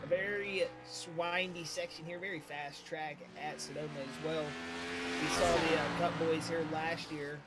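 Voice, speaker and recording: A man's voice: a little high, steady tone, measured pace, over loud music. A man calling sim racing play-by-play and the starting grid, easygoing and full of fillers. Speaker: race commentator.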